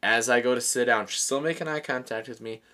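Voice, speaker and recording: A man's voice: medium pitch, quick pace, bright, forceful tone. A man in his thirties casually telling a long story, laughing often and swearing freely.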